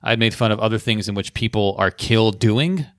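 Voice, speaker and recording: A man's voice: lowish voice, brisk, no echo, clean studio sound. A man, a stand-up comedian, telling a story in a casual chat and acting out the people he quotes. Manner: animated storyteller, acts out quotes. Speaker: stand-up comedian, podcast guest.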